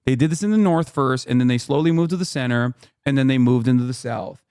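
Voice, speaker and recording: A man's voice: mid-range voice, fast, mellow, clean tone. A man in his thirties hosting a livestream, explaining at length in a heated, profane way, full of fillers and restarts. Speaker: streamer host.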